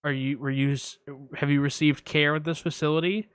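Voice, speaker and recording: A guarded female nurse, as a man puts her on who talks brisk and businesslike. The sound is dry and close, a podcast reenactment of a phone call. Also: fairly high pitch, little pitch movement, fairly bright tone, clean tone, dry recording, lightly acted.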